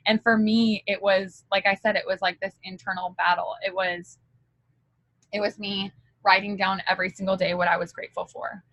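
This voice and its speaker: A woman's voice: mid-range voice, flat delivery, normal speed, a bit bright, no echo, muffled recording. A woman giving a candid motivational talk as a direct-sales team leader, chatty and full of fillers.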